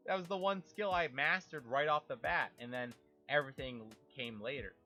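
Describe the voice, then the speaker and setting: A young man talking casually about a video game, animated, swearing freely and imitating game sounds. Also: medium pitch, moderate pace, faint music behind. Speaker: gaming YouTuber. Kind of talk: casual rambling monologue.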